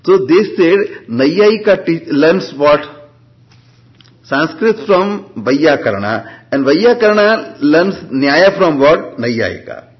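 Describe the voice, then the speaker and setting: A man's voice: a little high, lively intonation. Man teaching scripture, dull recording. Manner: asks the class rhetorical questions and answers them himself; slow, deliberate reading of Sanskrit terms. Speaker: Vedanta and Sanskrit teacher. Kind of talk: classroom scripture lecture.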